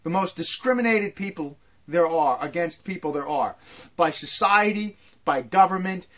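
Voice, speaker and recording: A man's voice: sits high, expressive, normal speed, a bit bright. A man delivering a heated, ranting monologue, stumbling and repeating himself as he builds his point. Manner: heated, repetitive, stumbling restarts.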